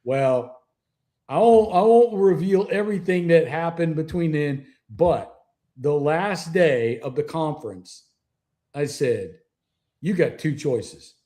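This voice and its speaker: Middle-aged man, slightly high and mellow, salty storyteller on a remote interview. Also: expressive, slow pace. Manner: salty, profane anecdote-telling. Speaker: guest author, retired police officer.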